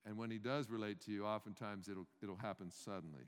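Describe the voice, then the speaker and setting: A man's voice: fairly low pitch, steady tone, quick pace. A man preaching a sermon in a conversational way, asking his congregation rhetorical questions and often restarting his sentences. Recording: long reverb of a hall.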